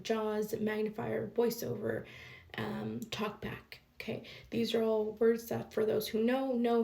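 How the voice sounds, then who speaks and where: A young woman telling a personal story to her viewers in a fast, animated way, often checking in with "okay?", tired late at night. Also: on the high side, creaky. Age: young adult. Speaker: vlogger. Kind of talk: casual storytelling to camera.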